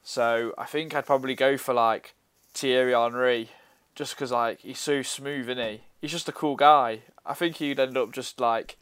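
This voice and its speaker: Smooth-voiced young man, dry sound. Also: mid-range voice, normal speed, no echo. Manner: relaxed, chatty, laughs often. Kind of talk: casual chat.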